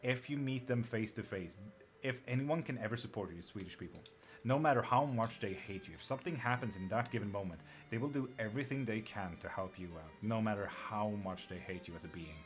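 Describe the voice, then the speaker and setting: A man's voice: on the low side, fairly quick, soft background music. A man with an Irish-sounding accent and a slight twang, hosting a live tarot stream in casual chat, blunt and swearing freely as he answers viewers.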